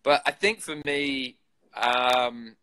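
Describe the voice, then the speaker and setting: A man's voice: medium pitch, steady tone, takes it slowly, bright, forceful tone, rough recording. A man in his thirties with an Australian accent, chatting casually as an interview guest, swearing freely and laughing often. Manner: profane, laid-back, laughs often. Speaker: interview guest, vape reviewer. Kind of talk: casual chat.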